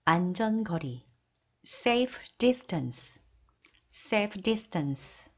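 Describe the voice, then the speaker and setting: A woman reading an English vocabulary list, giving each Korean term and then saying the English phrase twice, slowly and deliberately. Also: mid-range voice, very animated.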